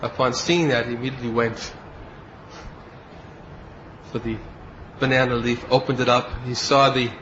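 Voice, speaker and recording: A man's voice: medium pitch, fairly even intonation, normal speed, pauses often, fairly bright tone. A man leads a devotional class as a spiritual teacher, telling a story from start to end and lending his voice to the people in it. The recording is dull and lo-fi, with a faint hiss underneath. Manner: storytelling, acts out quoted speech.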